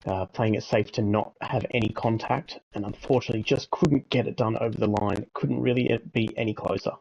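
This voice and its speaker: A man gives steady, analytical co-commentary on a sim race. His voice sits a bit low and comes through a dull, lo-fi call line with faint noise behind it. He talks in a measured way and restarts a phrase now and then. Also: gravelly. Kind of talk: live sim racing commentary.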